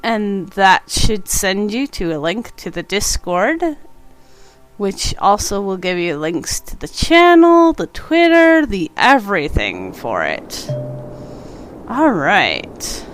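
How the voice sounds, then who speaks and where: A woman's voice: mid-range voice, very animated, takes it slowly, soft background music. A congested woman casually chatting on a live stream while she plays a city-building game, rambling and talking back to the game. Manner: rambling, talks to the game and a pet. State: congested, stuffy.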